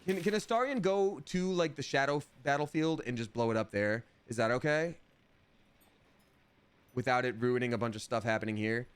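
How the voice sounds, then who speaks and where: A man's voice: mid-range voice, animated, moderate pace, clean tone. A man in his thirties chatting casually while playing a video game live, reading chat aloud and slipping into playful voices.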